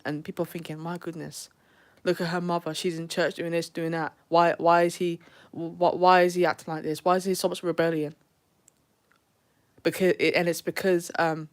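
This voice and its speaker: A woman delivering a preachy, scolding monologue about faith and family, repeating herself and restarting phrases often. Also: fairly low pitch. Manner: repetitive, stammering restarts, scolding. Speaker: online speaker on relationships and faith.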